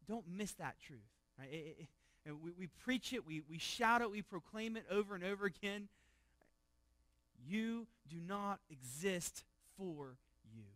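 Higher-pitched pastor preaching a sermon. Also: male voice, expressive, normal speed, dry recording. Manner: conversational, repeats words, asks the room questions; swings from loud emphasis to hushed low tones.

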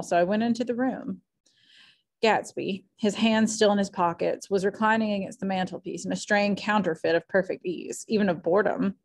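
A woman reading a classic novel aloud at home, with clear, expressive storytelling. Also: mid-range voice. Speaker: audiobook reader.

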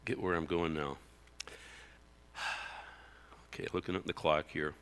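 Male pastor mid-sermon, bright and expressive delivery, church sanctuary echo. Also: very deep voice, measured pace, long pauses, clear, resonant tone. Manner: animated preaching, reading scripture aloud. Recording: church hall reverb.

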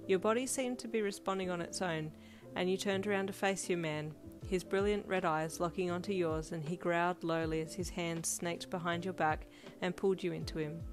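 A woman reading second-person romance fan fiction as narrator, with a steady storytelling delivery. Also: on the low side, a little fast. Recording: lofi music playing underneath. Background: lofi beat.

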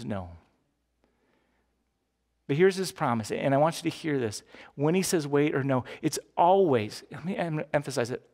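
A man in his fifties preaching a sermon as pastor, earnest and swinging from emphatic peaks down to quiet, low moments. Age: 50s.

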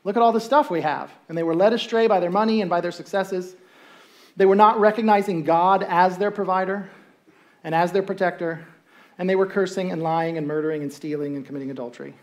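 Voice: medium pitch, steady tone, a little fast. A pastor preaching a sermon in a church in an easygoing, conversational way, checking in with the congregation and briefly acting out the voices of people in the story. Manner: checks in with listeners with rhetorical asks. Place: church sanctuary.

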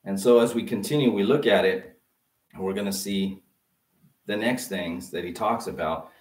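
A male pastor preaching a sermon, often pausing to let the congregation fill in a word. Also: lowish voice, a little mellow. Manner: interactive preaching, prompting the congregation to fill in words. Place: church. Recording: roomy sound from a distant mic.

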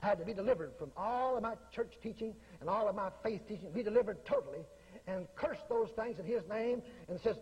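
A man's voice: high voice, fairly quick, a little mellow, husky, in a large hall, poor audio. A man preaching in a folksy storytelling way, often repeating his phrases. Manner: folksy, repetitive, acts out quotes. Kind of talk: sermon storytelling.

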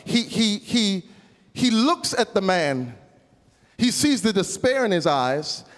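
A man's voice: high-pitched, big pitch swings, takes it slowly, fairly bright tone. A man preaching a sermon as pastor, telling a humorous story and calling out to the congregation. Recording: long reverb of a large hall.

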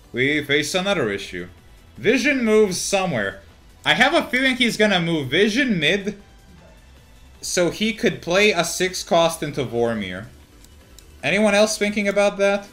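Faint music runs behind a young man doing eager card-game commentary for YouTube, his high-pitched voice unhurried and full of pauses. He alternates loud hype yells with muttered thinking, swearing casually and laughing often.

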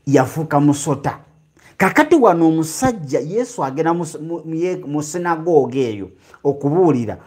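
A man with a Ugandan accent preaching a teaching sermon, drawing out key phrases slowly and then rushing ahead. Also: a little high, lively intonation, a little mellow.

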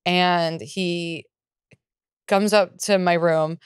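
A woman co-hosting a podcast in casual chat, telling profane, animated stories and acting out the quotes. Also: lowish voice, extremely slow, smooth, no room sound, clean studio sound. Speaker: podcast co-host.

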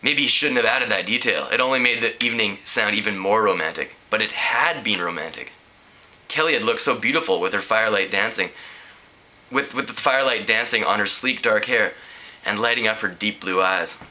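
A man reads a teen novel aloud in a casual, amused way, stumbling now and then. His voice is very bright. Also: on the low side, a little fast. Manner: casual, amused reading with slips. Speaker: reader.

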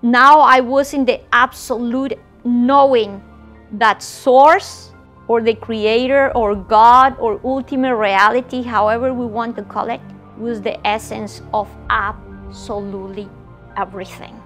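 Slow-spoken woman over soft music. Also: on the high side, steady tone. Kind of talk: spiritual testimony.

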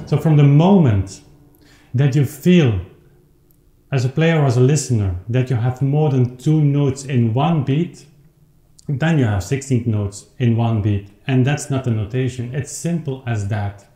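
A man who speaks as an explains his recording in thoughtful, halting speech, playing his clavichord between remarks. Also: mid-range voice, warm tone, faint music behind. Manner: thoughtful, halting, with many restarts while counting beats and playing. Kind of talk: informal spoken commentary on a piece. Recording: roomy home recording with instrument.

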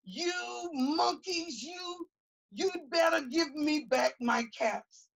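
A woman's voice: high voice, big pitch swings, recorded from a distance, full character voice. A woman doing an angry cap peddler. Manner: slow, drawn-out angry scolding. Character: exasperated male cap peddler scolding monkeys.

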